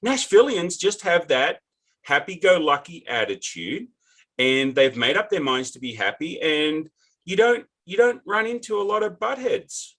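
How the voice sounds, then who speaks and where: A man's voice: on the high side, sing-song, a little slow, a bit bright. An Australian man hosting a casual interview, chatty and jokey, wandering into tangents. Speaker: podcast host.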